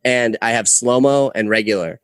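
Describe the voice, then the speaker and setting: A young man, a podcast guest, telling a rambling story with animated, casual swearing. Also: medium pitch, moderate pace, smooth, dry recording. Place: podcast studio. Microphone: close podcast mic.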